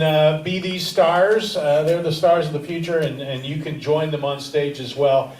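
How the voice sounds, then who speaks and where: Guy emceeing a comedy showcase, calling out names, highish voice, echoey far-off stage, loud crowd. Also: steady tone, normal speed, noisy background. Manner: upbeat, announcing names with emphasis. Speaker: comedy class teacher and emcee. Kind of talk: live emcee announcements.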